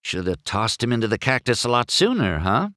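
Guy doing a gruff grumpy old car, mutters, storybook read. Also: mid-range voice, very animated, a little fast, sharp tone, no echo, clean studio sound, voice pushed up. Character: gruff old male roadster, stern. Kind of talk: storybook reading.

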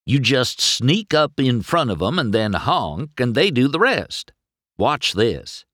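A man's voice: very animated, takes it slowly, dry recording, studio quality, exaggerated voice. A man voicing a goofy, cheerful male tow truck who loves pranks, in a raised, teasing voice. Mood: explaining. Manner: gleeful, teasing, higher and louder.

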